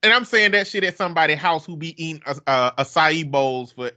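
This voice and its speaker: A man's voice: a little high, fairly quick. A man with an Alabama Southern accent, chatting casually and expressively, cursing and laughing often. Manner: animated, profane, laughing often. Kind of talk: casual chat.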